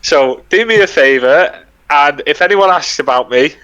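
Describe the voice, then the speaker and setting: A man's voice: fairly high pitch, expressive, moderate pace, a bit bright, smooth, lo-fi sound. A young British man co-hosting a podcast, telling army stories in a casual, laughing, swearing way. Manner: laughing, swearing, acts out quoted lines. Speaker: podcast co-host. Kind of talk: casual storytelling chat.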